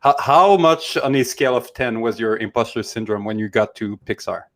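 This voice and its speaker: Halting man asking a question. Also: mid-range voice, a bit bright. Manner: halting, stammering start. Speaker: co-host. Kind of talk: interview questions.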